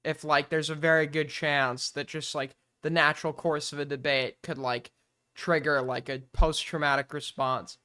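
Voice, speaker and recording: A man's voice: a little high, flat delivery, moderate pace, pushed and bright, smooth. A man hosting a stream, making incredulous, mocking asides about a call debate. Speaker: streamer host. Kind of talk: reacting to a live call debate.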